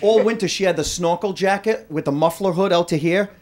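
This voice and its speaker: Working the crowd with brash, punchy material, this Rhode Island comic has a high, a little mellow voice and talks fairly quickly. The live club recording is full of audience laughter and background noise.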